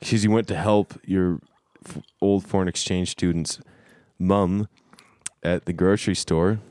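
Deep-voiced American man, teasing host. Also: fairly even intonation, unhurried, a little mellow, dry recording. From United States. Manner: teasing, laid-back questioner. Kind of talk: casual chat.

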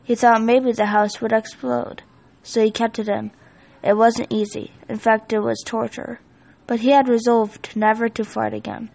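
A woman reads a children's picture book aloud. Her voice sits fairly high and carries some gravelly fry. Her delivery is steady and expressive, like a storyteller at bedtime. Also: moderate pace, poor audio.

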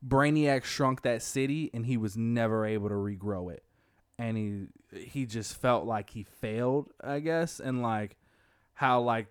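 Casual male storyteller, mid pitch, animated delivery, dry recording. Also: smooth, no room sound. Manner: animated storyteller, quotes characters in his own voice. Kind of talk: casual retelling of a comic book plot.

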